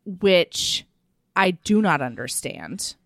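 A woman co-hosting a podcast, recapping a romance novel in casual chat, animated and profane, often laughing. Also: on the low side, takes it slowly, vocal fry, no room sound, clean studio sound. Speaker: podcast co-host.

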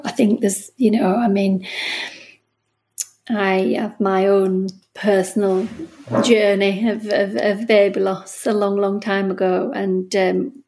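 A middle-aged woman with a mellow, medium-pitched voice speaks earnestly and emotionally about her job as a bereavement midwife. She's a guest on a podcast in a casual interview, often restarting her sentences and acting out conversations through quoted dialogue.

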